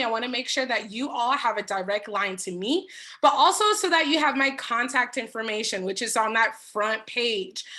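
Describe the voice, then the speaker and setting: A woman school social worker speaking to families at a town hall in a high, bright voice. She explains things in a friendly way, with frequent ums, and her tone is clear and lively.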